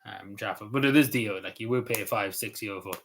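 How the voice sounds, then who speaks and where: A man's voice: on the low side, a little fast, slight background noise. An Irish man streaming a casual chat. He rambles loosely, with lots of ums, uhs and likes. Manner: meandering, full of ums and likes.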